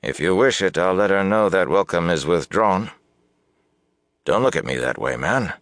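A man's voice: low-pitched, lively intonation, normal speed, fairly bright tone, no echo. A man doing a blunt, protective older lord. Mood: earnest.

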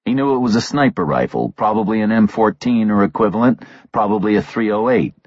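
A man narrating a thriller audiobook in a measured, terse delivery on a slightly dull recording. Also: on the low side, animated, a little mellow, no echo.

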